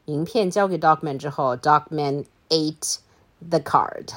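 A woman reading a children's book aloud and explaining it to kids, expressive and playful. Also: sits low, unhurried. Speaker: storybook reader. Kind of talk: bilingual read-aloud for kids.

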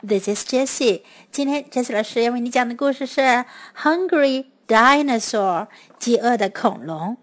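A woman teacher reading a children's story aloud in two languages, slow, clear and expressive. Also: a little high.

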